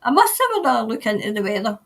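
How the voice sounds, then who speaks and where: This woman talks fast and very animatedly, her fairly high voice creaky with a fairly bright tone. She hosts a laid-back tarot live stream, rambling as she replies to viewers, laughing often and trailing off partway through sentences.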